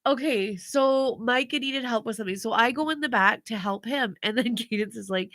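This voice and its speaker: Mom podcast co-host, bright voice, dry close sound, animated storyteller. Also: female voice, on the high side, fairly quick, few pauses, no room sound. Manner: animated storytelling, acts out family members' voices, laughs often. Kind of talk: casual chat.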